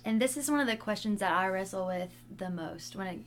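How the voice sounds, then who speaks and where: A woman's voice: mid-range voice, animated, fairly quick, a little hiss or hum. A woman co-hosting a casual faith podcast, raising questions thoughtfully with lots of filler "like".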